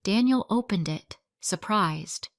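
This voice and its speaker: A woman's voice: medium pitch, expressive, no room sound, clean studio sound. A woman reading a simple love story aloud as narrator for English learners. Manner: slow, clear, simple storytelling.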